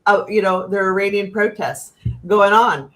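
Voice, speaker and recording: A woman's voice: medium pitch, normal speed, a bit bright. A middle-aged woman from the United States hosting a casual livestream chat, telling a story bluntly and with lots of laughter over a video call. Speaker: channel host.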